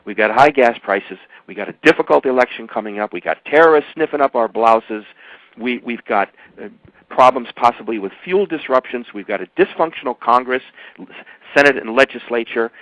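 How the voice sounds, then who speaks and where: An older man, an author being interviewed on the radio, talking emphatically and at rambling length, his pitch jumping suddenly. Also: animated, brisk, a bit bright, no echo. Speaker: author and guest. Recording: dull, dry radio audio.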